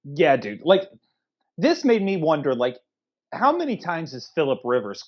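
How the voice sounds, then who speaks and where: A man's voice: fairly high pitch, wildly swooping pitch, moderate pace, muffled recording. A man co-hosting a casual movie review, ranting crudely and with emphasis. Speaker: movie review podcast co-host.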